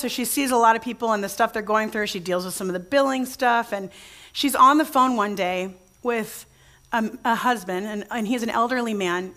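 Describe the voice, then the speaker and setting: A woman pastor preaching in a relaxed, conversational way, her voice sitting a little high. She tells stories to her congregation, often breaks off and restarts her sentences, and puts questions straight to the people listening. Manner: chatty storytelling with frequent restarts, addresses the congregation directly. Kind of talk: conversational sermon. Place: church.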